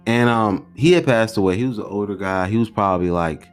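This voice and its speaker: A man in his thirties hosts a casual storytelling podcast, wandering from thought to thought in a slangy, animated manner. His voice sits on the low side, with faint music underneath. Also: fairly quick, clear, resonant tone. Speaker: podcast host.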